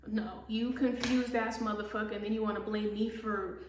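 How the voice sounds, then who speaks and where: A woman's voice: mid-range voice, steady tone, moderate pace, far from the mic. A woman giving a casual tarot reading in a blunt, profane, exasperated way, laughing often. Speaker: tarot reader. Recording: echoey room with faint hiss.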